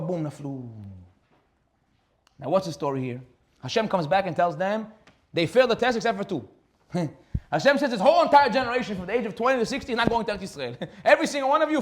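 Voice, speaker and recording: A rabbi preaching in a lively sermon, a man with a high voice for his sex. He talks quickly, fires off rhetorical questions and laughs often as he tells stories.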